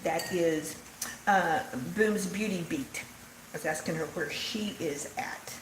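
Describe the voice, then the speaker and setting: A woman's voice: lowish voice, takes it slowly. An older woman with an easy Texan Southern drawl chats unhurriedly with her livestream viewers while she cooks. Her voice rings in a roomy home kitchen over a faint background hum. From Texas. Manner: chatty, reads out and answers live viewer comments. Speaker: host. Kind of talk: casual livestream cooking chat.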